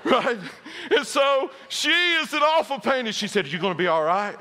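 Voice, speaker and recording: Male pastor, middle-aged, high bright voice, humorous storyteller in the pulpit. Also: very animated, unhurried, slight background noise. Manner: storytelling, self-deprecating humor. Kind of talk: sermon.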